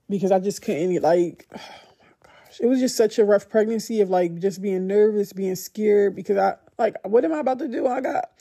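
A woman's voice: mid-range voice, vocal fry, mellow, breathy edge. Chatty young woman telling a story. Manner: conversational and emotional, with a lot of "like". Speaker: podcast host. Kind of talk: personal storytelling monologue.

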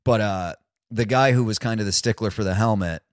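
A relaxed man with a lowish voice tells a story to his co-hosts. He rambles easily, and the sound is close and dry, with no room echo. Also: a little fast. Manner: laid-back, rambling storyteller. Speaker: podcast co-host. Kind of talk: casual chat.

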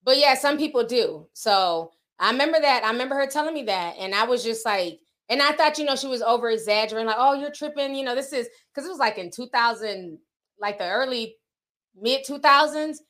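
Speaking fairly quickly in a slightly high voice, a middle-aged northern US woman hosts a livestream. She swaps stories casually and reads viewer comments, with a chatty storytelling manner and animated voices whenever she quotes someone.

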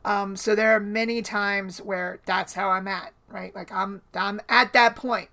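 A podcast host chats through a casual solo episode in a rambling way, restarting sentences often and tossing in tag questions, foggy from a sinus headache. Her medium-pitched voice is bright and forceful, with a steady tone and a slightly slow pace.

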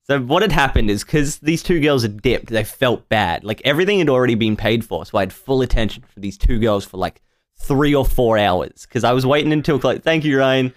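A man's voice: medium pitch, expressive, fairly quick, no echo. Laid-back young man, dry close sound. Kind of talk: casual storytelling chat.

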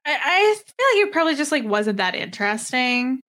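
A woman's voice: high-pitched, sing-song, brisk, pushed and bright. A woman co-hosting a podcast in casual chat, hesitant and full of fillers. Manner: hesitant, many fillers and restarts. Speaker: podcast co-host.

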